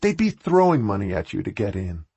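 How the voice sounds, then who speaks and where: Meek, earnest woman in a storybook, voiced by a man, lively but low-key. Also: fairly quick, gravelly, breathy edge, highs cut off, heavily acted. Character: earnest woman pitching ideas, meek and shy.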